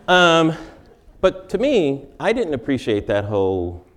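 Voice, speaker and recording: A man's voice: fairly high pitch, huge pitch swings, unhurried, a bit bright. A male comedian giving a wry comic lecture in a large forum, interviewing himself and laughing at his own jokes.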